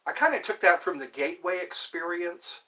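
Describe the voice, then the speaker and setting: With a high-pitched, bright, forceful voice and lively intonation, this vlogger talks fairly quickly. He rambles across topics, laughs at his own expense, and bursts into little bits of song.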